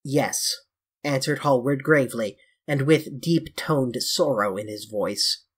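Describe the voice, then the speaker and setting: Husky-voiced classic novel narrator. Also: mid-range voice, unhurried. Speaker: audiobook narrator. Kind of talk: classic novel audiobook reading.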